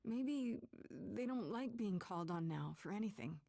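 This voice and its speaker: A woman's voice: medium pitch, expressive, measured pace, creaky, dark tone, no echo. An actress playing a young woman singer who asks earnest, probing questions. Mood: questioning.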